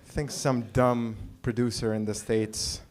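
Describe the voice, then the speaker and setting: A man from the Middle East doing a stand-up set at a small open mic, halting and dry, full of filler words. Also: medium pitch, little pitch movement, crowd noise. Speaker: stand-up comedian. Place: small live comedy venue.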